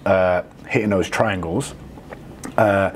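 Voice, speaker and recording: A male podcast host with a somewhat low voice, chatting easily and dropping in frequent "yeah"s. A faint noise floor runs underneath. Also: steady tone, slow pace. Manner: frequent short affirmations. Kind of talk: casual chat.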